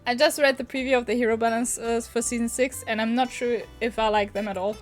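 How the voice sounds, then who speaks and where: Streamer: sniffly woman, friendly rambling talk to chat, fairly high voice, soft music under. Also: fairly even intonation, brisk. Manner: chatty and rambling, talks to chat. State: sniffly, getting a cold. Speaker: game streamer. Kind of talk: casual livestream commentary.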